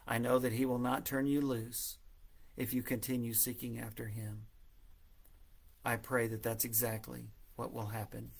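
Earnest man reading scripture softly. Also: flat delivery, moderate pace, gravelly, husky. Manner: earnest, gently pleading, dropping soft and low at prayers; reads scripture aloud, acting out the dialogue. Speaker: preacher. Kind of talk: devotional Bible reading and reflection.

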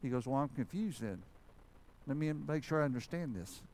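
Animated preacher telling a story. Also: male voice, medium pitch, normal speed, rough recording. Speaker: pastor. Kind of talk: sermon. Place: church sanctuary.

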